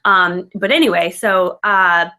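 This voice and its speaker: A woman's voice: on the low side, slow pace, pushed and bright. A woman in her thirties telling her own story in casual, filler-heavy chat, self-mocking and loose. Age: 30s. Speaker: guest speaker.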